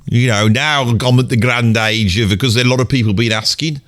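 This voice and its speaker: Grumpy Brummie pensioner in his seventies, gruff, cursing, medium voice, Birmingham accent; a man plays him. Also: medium pitch, moderate pace, a bit bright, close to an everyday voice. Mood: grumbling. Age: 70s. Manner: gruff, grumbling, swears constantly. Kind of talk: comedic character monologue.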